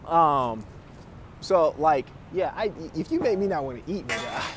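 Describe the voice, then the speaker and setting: Man hosting casual chat, profane and animated, lively swings in pitch, faint street noise behind. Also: unhurried. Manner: profane, animated, laughs often. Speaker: podcast host.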